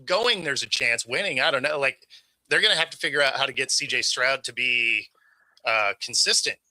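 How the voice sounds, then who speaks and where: Co-host, male, very bright and sharp tone, stammering restarts, dry close sound. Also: medium pitch, dry recording, rough recording. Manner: quick agreeing, stammered restarts. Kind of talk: casual sports talk.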